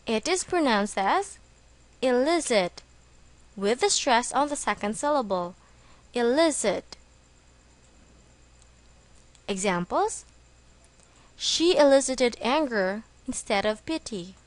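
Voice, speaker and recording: A woman teaching an English vocabulary lesson in a slow, deliberate read, lingering over each word and spelling terms out letter by letter. Her voice sits a little high, and the recording is dry and close with no room sound. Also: expressive, no room sound.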